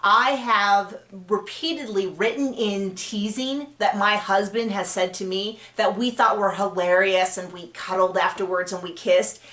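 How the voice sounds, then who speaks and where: Woman author, relaxed advice talk with lots of fillers and restarts, recorded in an echoey room. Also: mid-range voice, unhurried, hardly any pauses. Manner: chatty, with frequent fillers and self-corrections. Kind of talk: casual advice talk to camera. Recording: roomy echo.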